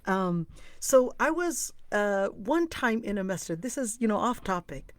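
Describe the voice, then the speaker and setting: A woman teaching an online religious class, telling a story in a lively way and acting out the people in it. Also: medium pitch, measured pace, no room sound. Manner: lively storyteller, acts out quoted dialogue. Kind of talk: storytelling lesson.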